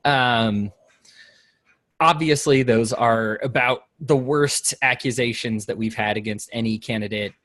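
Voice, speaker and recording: A man's voice: mid-range voice, a little slow, fairly bright tone, no echo. Nasal man co-hosting a podcast. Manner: reads quotes aloud, then comments with hesitant restarts. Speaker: podcast co-host. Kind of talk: casual political podcast chat.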